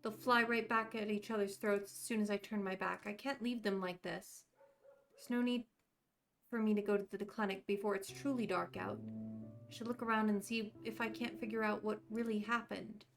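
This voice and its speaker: A woman streamer reading a story game aloud in a calm voice with quick asides. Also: medium pitch, gravelly, soft background music.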